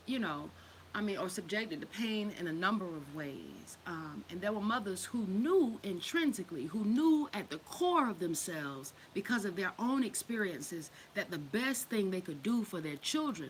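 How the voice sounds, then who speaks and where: A woman's voice: fairly low pitch, a bit bright, slight background noise, rough recording. A woman hosting a casual unscripted monologue, blunt and profane, laughing often and acting out other people's voices. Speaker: host.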